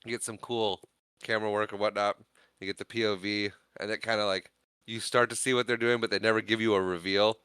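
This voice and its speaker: Bright, smooth-voiced man recapping a film. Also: lowish voice, flat delivery, dry recording. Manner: chatty, laughs often, does quick character voices while retelling scenes. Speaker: podcast co-host. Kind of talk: casual movie recap chat.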